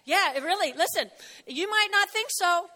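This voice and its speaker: A woman pastor preaching a lively sermon, chatty and animated, joking and laughing with her congregation. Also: very high-pitched, normal speed. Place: church hall. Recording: long hall reverb. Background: congregation shouting out.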